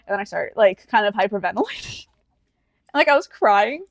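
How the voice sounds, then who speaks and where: A woman's voice: fairly high pitch, expressive, a little slow, no room sound. A woman in her twenties, co-hosting a podcast and telling a personal story animatedly, slipping into the voices of the people she quotes. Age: 20s. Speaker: podcast co-host. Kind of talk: casual chat.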